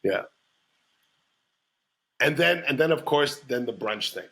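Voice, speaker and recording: A man co-hosting a comedy podcast in casual chat, quickly agreeing, laughing and stammering into restarts. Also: mid-range voice, expressive, vocal fry, pushed and bright, breathy edge.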